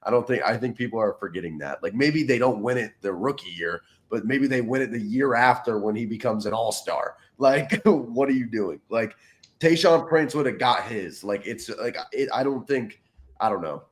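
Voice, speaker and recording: A man's voice: medium pitch, lively intonation, normal speed. A young man co-hosting a casual sports podcast, rambling with lots of "like" and false starts. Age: young adult. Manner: rambling, full of "like" and restarts. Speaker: podcast co-host.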